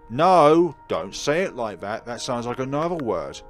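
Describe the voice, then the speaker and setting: A man's voice: mid-range voice, big pitch swings, measured pace, hardly any pauses, soft background music. A man playing a horror game and commenting as he goes, with playful, jokey asides. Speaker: let's player. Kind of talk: gameplay commentary.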